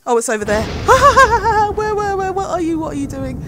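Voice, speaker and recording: Scared woman streamer, high pitched, panicky and pleading, swears a lot. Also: sing-song, moderate pace, background noise. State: frightened. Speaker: gaming streamer. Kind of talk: reactive gameplay commentary.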